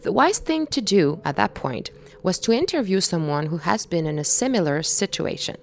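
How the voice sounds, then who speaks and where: Québécois woman narrating, lively low voice. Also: normal speed, vocal fry, a little hiss or hum. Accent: Québécois French. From Quebec. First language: French. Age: 30s. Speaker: documentary host and narrator. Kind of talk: reflective scripted narration.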